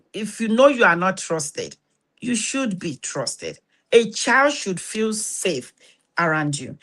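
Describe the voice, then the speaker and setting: A woman's voice: mid-range voice, a bit bright. Woman host, earnest and urgent, drives points home with repetition. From Nigeria. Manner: urgent and exhorting, with repeated words and restarts. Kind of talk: earnest spoken talk to camera.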